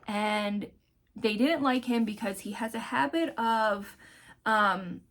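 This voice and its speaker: A woman vlogger telling a personal story in a candid, heartfelt way, often pausing to search for words. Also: on the high side, a bit bright, slight background noise. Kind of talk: casual storytelling vlog.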